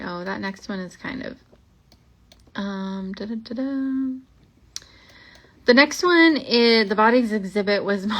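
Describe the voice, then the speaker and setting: A woman's voice: mid-range voice, a bit bright. A young woman hosting a podcast, reading old ghost stories aloud and rambling in a casual, chatty way, full of fillers and asides. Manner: rambling and chatty, many fillers, slows down for spooky lines.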